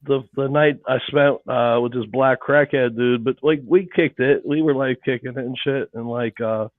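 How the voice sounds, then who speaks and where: A man's voice: medium pitch, fairly even intonation, moderate pace, no room sound. A man from Pennsylvania telling a laid-back story in a casual podcast chat, with many fillers. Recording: dry tinny phone-like line.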